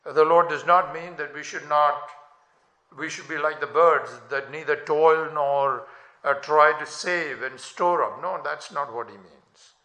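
A male preacher delivers a sermon at an unhurried, measured pace, his voice a little high and bright. He rises forcefully whenever he quotes scripture. The sound is roomy, with plenty of echo from the hall. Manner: slow, deliberate preaching with emphatic rises on quotations. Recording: echoey room.

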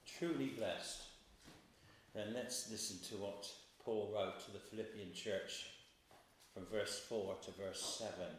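Slow, measured man preaching in echo. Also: on the low side, steady tone. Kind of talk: sermon. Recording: very echoey room, voice from far off.

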